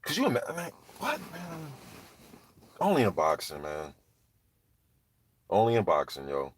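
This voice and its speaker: A man's voice: on the low side, huge pitch swings, unhurried, slightly rough. A man ranting heatedly and profanely about boxing, talking straight to viewers in a live chat. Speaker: boxing commentator. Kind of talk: ranting live stream commentary.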